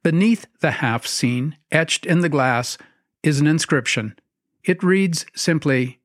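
A man narrates a story in a wry, measured way, his voice sitting a little high for a man. The sound is dry and close, with no room around it. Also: animated, no echo. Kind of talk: scripted narration.

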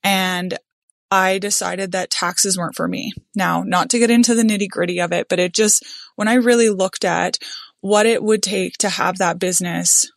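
A woman's voice: mid-range voice, steady tone, moderate pace, gravelly, no echo, studio quality. A middle-aged woman hosting a podcast in casual solo talk, upbeat with a smile in her voice and lots of "like" fillers, recorded in a home closet. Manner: upbeat, smiling voice with frequent "like" fillers. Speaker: podcast host.

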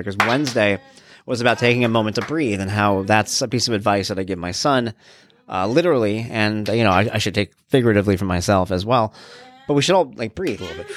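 A lowish-voiced middle-aged man talks casually on his podcast, rambling and fond, often cutting himself off to restart a thought. There is a faint hiss of background noise under his voice. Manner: rambling, fond and self-interrupting. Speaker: podcast host. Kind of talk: casual solo podcast talk.

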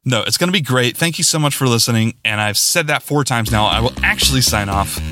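A man hosting his podcast alone, rambling and excitable, poking fun at himself as he signs off. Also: mid-range voice, brisk, music in the background. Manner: rambling, excitable, self-mocking. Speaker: podcast host. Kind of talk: casual solo podcast sign-off.

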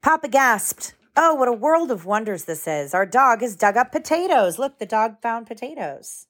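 A woman's voice: on the high side, very animated. Mother reading a picture book aloud. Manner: pauses to explain the story to children in plain words. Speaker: mother reading to her children.

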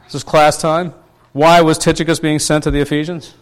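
A man's voice: a little high, little pitch movement, fairly quick. A man preaching a conversational sermon, asking his congregation questions and restarting his sentences often. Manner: chatty, asks the congregation questions; many fillers and restarts. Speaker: pastor.

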